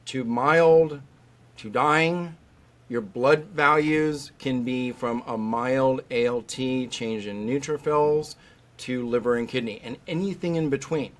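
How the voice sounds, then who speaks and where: A man's voice: mid-range voice, takes it slowly. A middle-aged man, a veterinary specialist, talking as a guest on a podcast and acting out the voices of people he quotes. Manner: animated storyteller, acts out quoted voices. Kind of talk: podcast interview.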